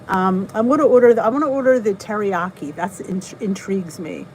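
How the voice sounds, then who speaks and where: Speaking a little fast in a mid-range, somewhat dark voice, a middle-aged woman with a Jersey accent hosts a casual stream where she reads chat, says hello to viewers, and laughs at herself. Slight background noise and low audio quality come through.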